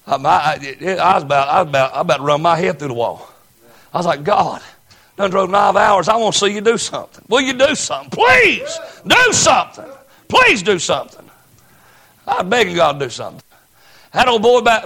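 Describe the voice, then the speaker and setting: A preacher with a very high, gravelly voice and a bright, forceful edge. He tells his story in a sermon, swinging between low asides and shouted climaxes.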